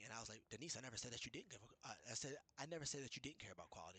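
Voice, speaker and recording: A man's voice: mid-range voice, very fast, breathy edge. A man casually recounting an argument with his boss, rambling and restarting as he quotes both sides. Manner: rambling, restarts often, quotes others in lively retelling. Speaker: storyteller recounting a work dispute. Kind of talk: casual chat.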